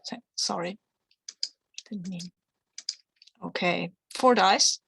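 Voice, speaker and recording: A woman's voice: mid-range voice, slow, creaky, fairly bright tone, husky. A woman playing in a tabletop role-playing game, chatting casually and making fun of her own choices. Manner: chatty, self-deprecating. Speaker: player. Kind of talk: casual chat.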